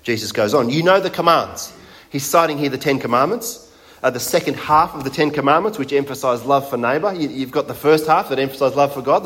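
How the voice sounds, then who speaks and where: A man's voice: on the high side, fairly bright tone. A man preaching a sermon in a conversational way, putting rhetorical questions to his congregation.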